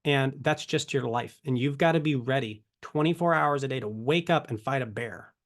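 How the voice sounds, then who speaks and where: A man's voice: medium pitch, normal speed. A man giving a casual Bible teaching to camera, conversational and full of rhetorical questions. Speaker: ministry teacher.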